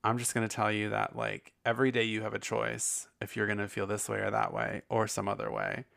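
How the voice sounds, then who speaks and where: A man's voice: on the low side, level tone, brisk, vocal fry, fairly bright tone. A man hosting a podcast in casual, rambling chat, candid and full of swearing. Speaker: podcast host.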